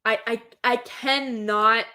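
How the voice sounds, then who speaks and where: A woman host talks casually in a slightly high voice. She gushes about what she loves and piles on filler words as her excitement runs ahead of her. The delivery is loose and chatty. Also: slow. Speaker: host reviewing an animated film. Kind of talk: casual chat.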